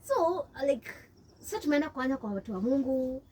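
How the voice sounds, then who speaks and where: A young Kenyan woman with a Kenyan accent, telling her story in an interview and mixing English and Swahili in an animated way. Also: high-pitched, normal speed, breathy edge, distant mic. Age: young adult. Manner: switches between English and Swahili, animated, laughs often. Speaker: interview guest.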